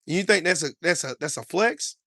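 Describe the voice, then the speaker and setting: A man's voice: on the high side, expressive, moderate pace, bright, forceful tone, dry recording, studio quality. An American man delivering heated political commentary in an angry, profane, repetitive rant.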